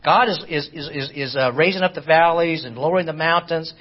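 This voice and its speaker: A man teaching an informal Bible study lesson, halting and repeating words as he asks his class rhetorical questions. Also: on the high side. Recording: dull lo-fi recording.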